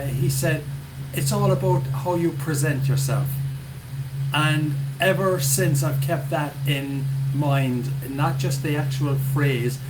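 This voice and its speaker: An Irish man talking as a podcast guest, chatty and joking as he tells stories. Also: mid-range voice. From Ireland. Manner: chatty, joking, relaxed storyteller. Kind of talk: casual interview chat. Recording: loud background noise.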